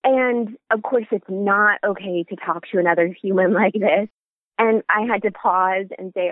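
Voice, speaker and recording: A woman's voice: medium pitch, fairly quick, dry recording. Woman talking over a phone-like line. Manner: anecdotal, laughs while telling stories. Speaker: podcast co-host. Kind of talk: casual parenting chat. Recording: phone-like remote audio.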